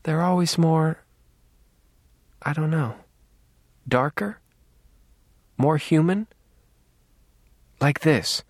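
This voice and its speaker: A male reader lifts his voice into an earnest young woman, unsure and searching, her sentences trailing off. The delivery is dry and close, with no room sound around it. She rises higher than the narration around her. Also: drawn-out words, long pauses, no echo, heavily acted. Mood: hesitant.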